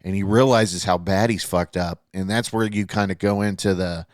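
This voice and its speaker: A man's voice: deep voice, fairly even intonation, normal speed, dry recording, studio quality. A man co-hosting a podcast, chatting casually and loosely about a TV show, with plenty of fillers and swearing. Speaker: podcast co-host. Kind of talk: casual chat reviewing a TV show.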